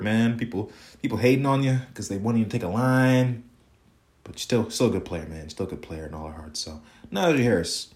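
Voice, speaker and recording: Profane fired-up young male sports podcaster. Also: lowish voice. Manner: blunt, profane, repetitive, fired up. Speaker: podcast host. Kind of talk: solo sports podcast rant.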